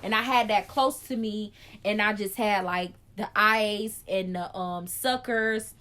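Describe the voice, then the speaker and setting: A young woman telling a personal story in a casual vlog, chatty and animated, acting out scenes with gasps. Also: medium pitch, measured pace. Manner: chatty, frequent "like" fillers. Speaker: vlogger.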